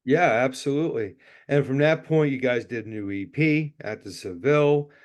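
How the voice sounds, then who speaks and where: A male interviewer asking short questions and giving quick, encouraging replies in a casual chat. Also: medium pitch. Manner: brief, encouraging questions and affirmations.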